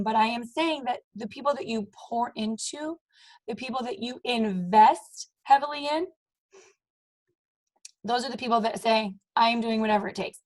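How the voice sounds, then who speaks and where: A woman leads her team call with upbeat, emphatic encouragement. Her voice sits a little high. She keeps checking in with her listeners as she drives each point home. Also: low-quality recording. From Maryland, US. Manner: upbeat, emphatic, repeats "you guys" and "okay?". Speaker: team leader. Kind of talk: motivational team call talk.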